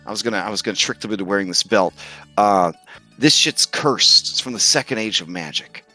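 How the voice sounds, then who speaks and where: A man's voice: fairly low pitch, fairly quick, sharp tone, soft background music, pitched below the performer's own voice. A man voicing a sly female goddess posing as a bard, teasing and laid-back.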